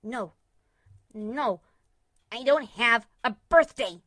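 A woman doing a shrill, frightened little pony mare. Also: animated, takes it slowly, fairly bright tone, no echo, studio quality, heavily acted. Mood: panicked. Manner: high trembling pleading, breaking into sobs. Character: frightened deluded female pony, tearful and shrill.

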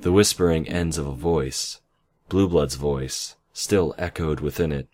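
Very deep-voiced man reading a story. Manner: calm, measured reading. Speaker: story reader. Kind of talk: storybook narration. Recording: reading over clear background music.

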